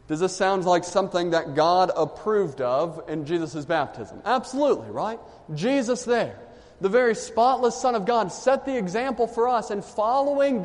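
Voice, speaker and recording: High-voiced man preaching, call-and-response style. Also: in a large hall. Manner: asks the congregation questions and lets them fill in words. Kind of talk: sermon.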